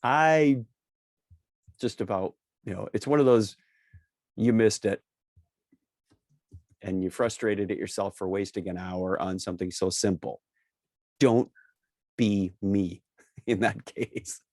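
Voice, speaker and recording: A man co-hosting a casual software tutorial, walking through a screen-share with wry jokes and emphatic repetition. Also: lowish voice, slow, long pauses, no room sound, studio quality. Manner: joking, repeats key points with emphasis. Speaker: co-host presenting a software demo.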